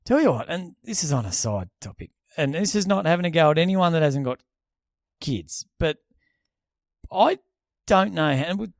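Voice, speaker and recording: Gravelly Australian man bantering. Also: fairly high pitch, big pitch swings, moderate pace, dry recording, studio quality. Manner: blunt, joking banter. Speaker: podcast co-host. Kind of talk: casual chat.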